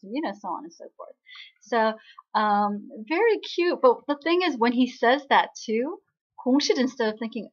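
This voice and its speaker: A woman's voice: fairly high pitch, expressive, moderate pace, lo-fi sound. A woman hosting a drama recap, talking casually with lots of fillers and retelling the characters' lines in her own voice.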